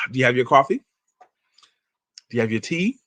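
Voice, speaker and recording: A man's voice: mid-range voice, lively intonation, a little slow, bright, forceful tone, no room sound. A man in his fifties hosting an inspirational talk, telling stories and reading aloud in an emphatic, chatty way. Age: 50s. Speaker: motivational talk host.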